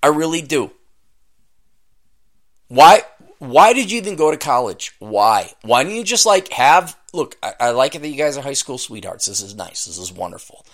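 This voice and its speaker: A man's voice: mid-range voice, big pitch swings, normal speed. Profane, scornful male podcast ranter. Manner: profane, scornful, bursts into shouting. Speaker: podcast host. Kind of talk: comedic rant reacting to a read-aloud article.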